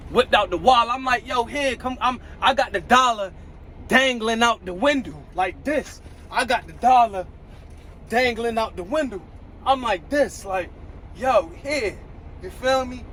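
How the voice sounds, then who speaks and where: A man's voice: sits high, animated, a little slow, a bit bright, slight background noise, poor audio. A man, a truck driver, telling a story to his viewers in casual slang, repeating phrases and speaking straight to them.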